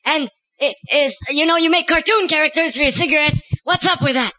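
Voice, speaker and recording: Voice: high voice, brisk, sharp tone. A performer playing an announcer and an eager questioner at a mock press conference. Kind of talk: comedy skit acting. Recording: dull, lo-fi sound.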